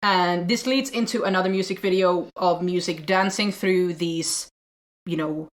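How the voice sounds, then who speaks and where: A woman co-hosting a podcast, recapping a film in casual chat, animated and full of restarts and acted-out quotes. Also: fairly low pitch, unhurried. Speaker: podcast co-host.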